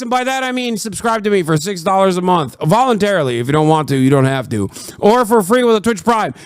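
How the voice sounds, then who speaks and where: A man in his thirties ranting excitedly and profanely while commentating on a live stream. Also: sits high, dry recording, studio quality.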